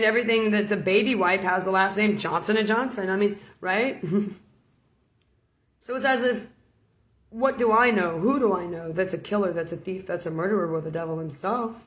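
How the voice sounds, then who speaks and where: A woman's voice: medium pitch, echoey room. Woman preacher telling a playful story. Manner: storytelling, playful, laughs between points. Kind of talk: informal sermon vlog.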